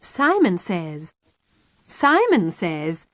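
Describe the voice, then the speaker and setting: A woman's voice: fairly low pitch, wildly swooping pitch, drawn-out words, fairly bright tone, dry recording, clean studio sound, full character voice. A woman voicing a cheeky, scheming young schoolgirl in an audiobook. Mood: defiant.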